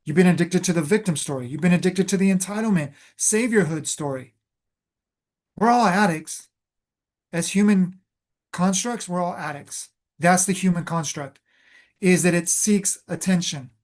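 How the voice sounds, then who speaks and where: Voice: mid-range voice, moderate pace, darkish tone. A spiritual coach giving a motivational talk, stressing points by repeating phrases, with frequent fillers and restarts. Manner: loose, filler-heavy delivery.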